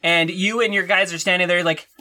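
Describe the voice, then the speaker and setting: A woman narrating as game master of a tabletop game in a relaxed way. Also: lowish voice, brisk. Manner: relaxed, laughing often.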